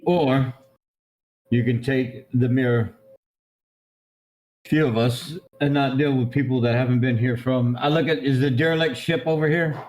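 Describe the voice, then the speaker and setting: A man's voice: medium pitch, fairly even intonation, measured pace, pauses often, a little mellow, poor audio. A man playing a tabletop game, casual and profane, slipping into in-character speech. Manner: profane, boisterous. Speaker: player.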